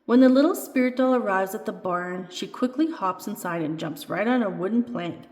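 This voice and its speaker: A woman reading her own children's book aloud, expressive and playful. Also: mid-range voice, moderate pace. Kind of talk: storybook read-aloud. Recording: echoey room with long reverb.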